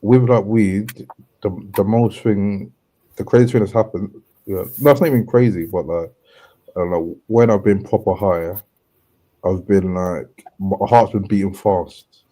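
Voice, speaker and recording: Low-voiced laid-back stoned man. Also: dark tone. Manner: laid-back, halting, sets up questions. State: high. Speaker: podcast co-host. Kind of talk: casual chat.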